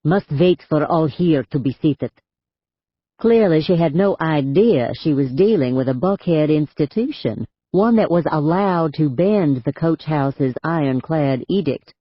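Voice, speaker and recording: A man reading a novel aloud in the first person, with a measured, lightly wry storytelling manner. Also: a little high, no room sound, muffled recording. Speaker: audiobook narrator.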